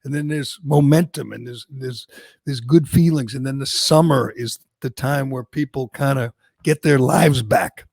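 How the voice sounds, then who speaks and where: A man's voice: medium pitch, measured pace, gravelly, darkish tone, dry recording. A male radio host delivering an emphatic, mocking rant on a talk show, with lots of restarts.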